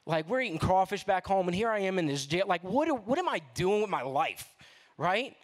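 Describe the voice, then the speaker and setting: A young man tells a testimony in a lively, slangy sermon. His voice sits a little high for a man, and he speaks easily, as if talking to friends from the stage. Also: normal speed. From New Orleans, USA. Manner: casual, slangy, animated storytelling. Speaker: guest speaker.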